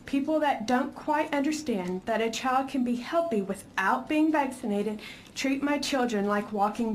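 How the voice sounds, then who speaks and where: A woman speaking as a mother of six before a legislative committee, reading a prepared statement in a firm, steady way. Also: on the high side, rough recording. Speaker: mother testifying at a legislative hearing.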